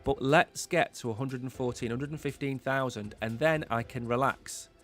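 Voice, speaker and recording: A man's voice: medium pitch, normal speed, fairly bright tone. Male host, casual live market commentary, rambling and conversational, mid-range voice, faint music underneath. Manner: chatty, rambling, repeats words while thinking.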